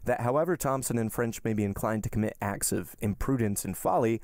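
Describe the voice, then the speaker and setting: A man voicing a suave, ironic wealthy count in an audiobook reading, smooth and politely mocking. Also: fairly low pitch, fairly quick, darkish tone, no echo, studio quality, lightly acted. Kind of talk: audiobook character voice.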